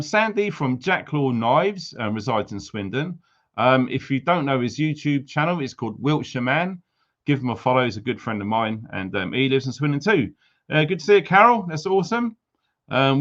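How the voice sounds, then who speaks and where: A man's voice: fairly high pitch, fairly bright tone, dull audio. A man hosting a casual livestream, greeting viewers with jokey, teasing banter. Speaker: livestream host.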